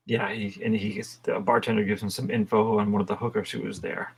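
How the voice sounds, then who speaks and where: A man co-hosting a film review podcast in casual chat, talking slowly with many fillers. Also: fairly low pitch, little pitch movement, creaky, husky. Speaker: podcast co-host.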